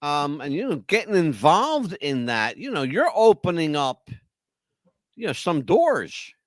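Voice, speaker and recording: A man's voice: a little high, very animated, a little slow, no room sound. A man co-hosting a live podcast, chatting in a rowdy way, swearing freely and filling with "you know.". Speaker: podcast co-host. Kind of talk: live podcast chat reading chat messages.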